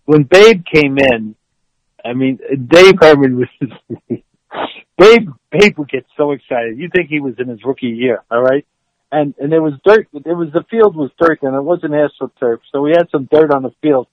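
An older man tells an excitable story, slightly high in pitch, acting out what people said and laughing between lines. The sound is dull and dry, with a lo-fi edge. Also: normal speed, no echo. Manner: excitable, acts out quotes, laughs mid-story. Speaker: former football player, guest. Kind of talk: animated storytelling in an interview.

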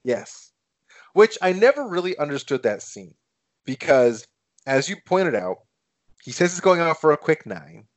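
A man co-hosts a casual chat about a film. He talks in a relaxed, musing way. He often poses puzzled questions. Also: fairly high pitch, unhurried, pauses often. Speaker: podcast co-host.

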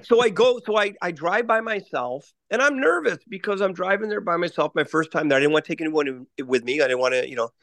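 A man with a notably high voice for a man tells a story in a casual, chatty way. He animates it by playing out the people he quotes, and his voice sits close to the mic in a dry room with no echo. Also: lively intonation, fast, few pauses, a bit bright. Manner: chatty, full of "like" and "I go". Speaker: guest.

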